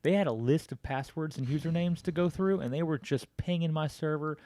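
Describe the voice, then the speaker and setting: Animated male storyteller, dry close sound. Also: a little high, fairly quick, dry recording. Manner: animated storyteller acting out both sides of phone calls. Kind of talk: casual chat.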